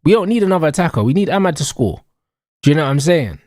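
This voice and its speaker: A man's voice: on the high side, very animated, quick pace, darkish tone, no echo, clean studio sound. A young man with a London accent, ranting casually about football on a live stream, full of slang and repeated catchphrases. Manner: slangy, emphatic, repetitive.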